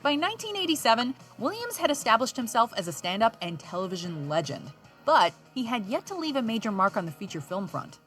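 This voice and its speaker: A woman reading scripted narration for a countdown list, upbeat and expressive. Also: a little high, brisk, faint music behind.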